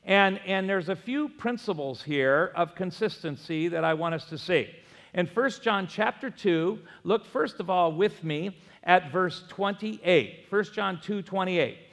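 A middle-aged man preaches in a church sanctuary. His voice sits high, and he tells stories in an animated way, calling on the congregation to repeat after him. A long hall reverb trails behind every phrase. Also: a little slow, gravelly. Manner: animated storytelling with audience call-and-response. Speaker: pastor. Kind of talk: sermon.

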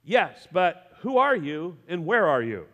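A preacher doing a panicked man yelling for help. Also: high-pitched, big pitch swings, a little slow, in a large hall, lo-fi sound, heavily acted. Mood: desperate. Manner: desperate, pleading shouts. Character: panicked man clinging to a cliff branch.

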